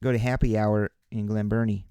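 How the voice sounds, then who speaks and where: A man voicing a loud, exaggerated Baltimore local guy with a Baltimore accent, brash and chummy, calling people "hun". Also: lowish voice, flat delivery, a little fast, clear, resonant tone, no room sound, lightly acted. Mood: brash, folksy.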